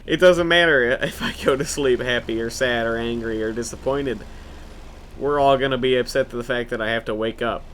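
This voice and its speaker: A man's voice: medium pitch, a little fast, fairly bright tone, slight background noise. A young man giving let's play commentary, grumbling sarcastically and swearing as he plays. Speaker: gaming video host.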